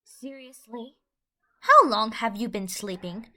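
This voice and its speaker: A woman's voice: a little high, big pitch swings, pushed and bright, heavily acted. A woman voicing a stern, commanding pony princess in a fan audio drama. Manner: brisk and commanding.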